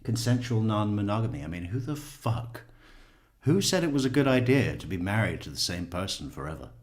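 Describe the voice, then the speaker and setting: A man with a fairly low voice comments casually on recorded calls. He rambles through side stories, swears freely and chuckles as he goes. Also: sing-song, brisk, faint music behind. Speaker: true crime commentator.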